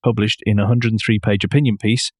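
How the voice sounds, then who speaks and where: A man's voice: on the low side, steady tone, quick pace, a little mellow, no room sound. A man co-hosting a podcast, chatting about car news with dry, wry remarks. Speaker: podcast co-host.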